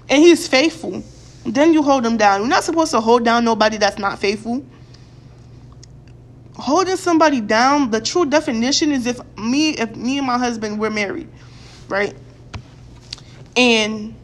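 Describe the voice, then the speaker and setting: Young woman, high voice, blunt, profane, repeats herself, talks straight to viewers. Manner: fired-up, addresses viewers directly. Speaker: vlogger. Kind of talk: casual opinion rant to camera.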